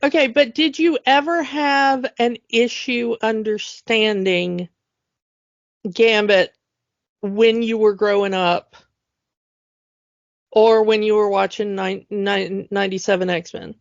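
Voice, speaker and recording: A woman co-hosting a podcast, talking in an animated, emphatic way as she rants. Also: medium pitch, takes it slowly, gravelly, no room sound. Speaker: podcast co-host. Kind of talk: casual chat. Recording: dull lo-fi dry sound.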